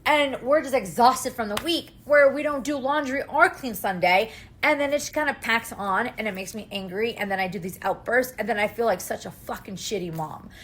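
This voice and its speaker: A woman's voice: fairly high pitch, normal speed, fairly bright tone, a little hiss or hum. A woman in her thirties, a mother of three hosting a podcast, venting emotionally and swearing often in a casual monologue.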